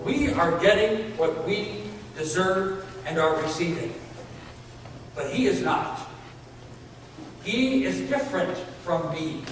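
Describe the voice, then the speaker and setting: A man's voice: high voice, lively intonation, slow pace, long pauses, slight background noise. A man preaching a sermon in a church, earnest, building emphasis with repeated phrases. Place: church sanctuary. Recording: echoey hall from far off.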